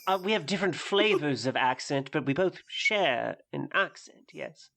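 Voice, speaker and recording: A man's voice: on the high side, animated, normal speed, vocal fry, a bit bright. Man doing a prim, dry British crewmate. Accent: put-on British accent.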